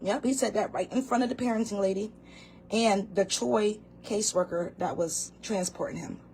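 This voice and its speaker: A woman's voice: medium pitch, normal speed, warm tone, slight background noise. A woman who makes social media videos, ranting bluntly with lots of swearing in a casual vlog.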